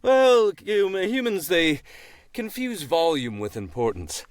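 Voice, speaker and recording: A man voicing a calm, wise old male crow who speaks in wry, lofty remarks. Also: high-pitched, slow pace, no room sound, pitched above the performer's own voice, exaggerated voice.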